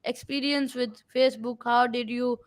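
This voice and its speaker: A woman asking interview questions in a hesitant way, with many fillers and halting phrasing. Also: a little high, steady tone.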